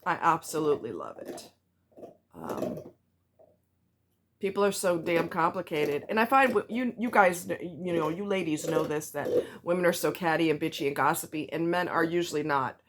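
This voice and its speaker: A woman's voice: sits low, expressive, moderate pace, noisy background. Blunt woman ranting to camera. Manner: blunt, emphatic, repeats herself for stress. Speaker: vlogger.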